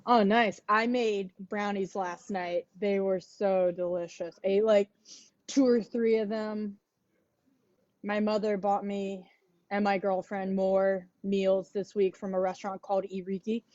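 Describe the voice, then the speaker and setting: A woman fitness instructor chatting casually before a livestream workout class, relaxed and sighing now and then, on a headphone mic at home. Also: mid-range voice, a little slow, dry recording, muffled recording. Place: indoors at home. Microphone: wireless headphone mic.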